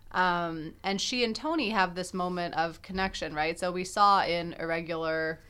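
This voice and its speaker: A woman's voice: fairly low pitch, normal speed, sharp tone, smooth. A young woman co-hosting a podcast, thinking aloud in casual analytical chat with many fillers and restarts. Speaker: podcast co-host.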